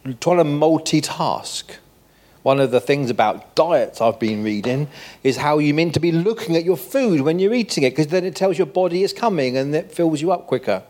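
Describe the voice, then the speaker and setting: A man's voice: a little high, lively intonation, moderate pace, darkish tone. An older man giving a conversational sermon, full of rhetorical questions to the congregation. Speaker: preacher.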